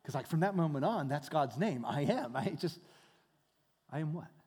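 A man preaching a sermon, shifting between hushed, quiet passages and loud, animated storytelling. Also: fairly high pitch, moderate pace, breathy edge. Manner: dynamic preaching, dropping to hushed tones then rising loud. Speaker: pastor. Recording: long hall reverb.

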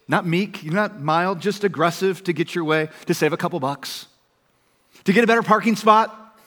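A man preaching a sermon as a pastor, talking conversationally and swinging from raised emphasis to hushed, quiet lines. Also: high-pitched, in a large hall.

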